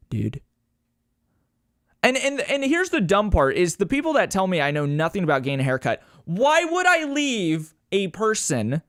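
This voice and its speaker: A young man hosts a podcast by himself, chatting casually in a rambling way, swearing and making fun of himself. His voice sits high, and the clean studio recording has no room sound. He's animated and raises his voice to imitate people.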